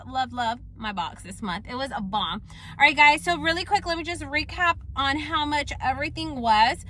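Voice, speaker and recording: Excitable woman vlogger, high and bright, casual unboxing chatter. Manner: gushing, excitable, many fillers. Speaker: beauty vlogger.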